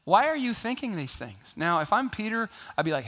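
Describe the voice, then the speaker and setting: A man preaching a sermon in a lively, conversational way, joking and acting out the people in the story. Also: high voice, brisk, few pauses. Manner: lively, conversational preaching with jokes and acted-out voices. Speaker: pastor.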